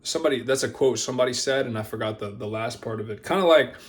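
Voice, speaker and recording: A man's voice: mid-range voice, fast talker, dry recording. A young man in a casual fitness vlog at home, rambling and joking at himself, recorded on a phone. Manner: rambling, jokey, self-deprecating. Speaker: fitness vlogger.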